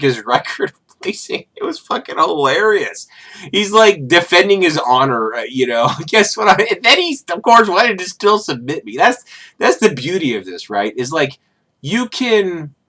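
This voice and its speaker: A man's voice: on the high side, bright, forceful tone. A man vlogging in a casual, sarcastic and profane rant.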